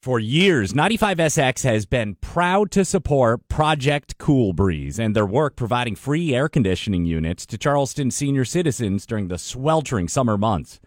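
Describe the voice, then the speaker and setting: A male radio announcer delivers an upbeat promo read with a lively, swinging pitch. His voice sits dry and close on the mic, with no room around it, and he pitches his pitch like a friendly salesman. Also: no echo.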